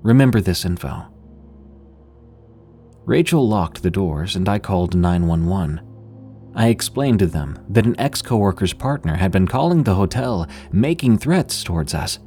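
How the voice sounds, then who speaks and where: A man narrating a first-person work story in a steady, scripted storytelling delivery. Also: sits low, normal speed, soft background music. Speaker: podcast narrator.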